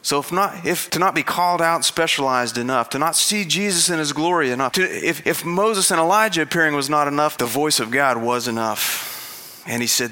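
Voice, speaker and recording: A man's voice: a little high, moderate pace, sharp tone. A man preaching as a pastor, in an earnest, conversational sermon style with frequent restarts.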